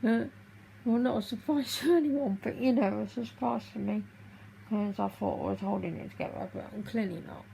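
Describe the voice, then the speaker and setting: A woman vlogging to camera, tearful and halting as she speaks openly about her feelings. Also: mid-range voice, creaky, warm tone, slight background noise, poor audio. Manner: halting, emotional, confessional. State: tearful, crying. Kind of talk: personal vlog talking to camera.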